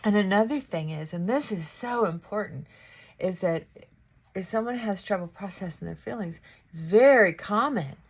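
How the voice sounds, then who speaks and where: A woman vlogger chatting slowly and casually at home while she gets ready in the morning, stopping now and then to talk to her dog. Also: mid-range voice, creaky, a little mellow, slightly rough. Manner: slow, chatty, talks to her dog between thoughts.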